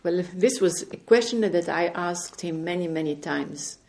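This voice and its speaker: A woman giving an earnest spiritual testimony at home, gently recounting conversations. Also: on the low side, measured pace. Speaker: religious speaker. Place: indoors at home.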